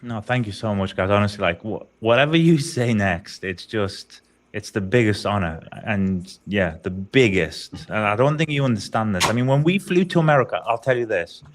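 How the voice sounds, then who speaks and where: A man's voice: lowish voice, expressive, moderate pace, slight background noise. A man with a British-sounding accent, a podcast guest talking effusively and casually about his products. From not technically British. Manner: effusive, chatty, lots of fillers. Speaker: podcast guest, brand founder.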